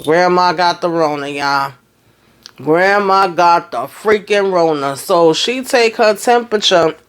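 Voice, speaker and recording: A man giving a casual recap of a TV episode, telling it in an animated, rambling way with lots of fillers. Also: high-pitched, clean tone. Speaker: TV show reviewer.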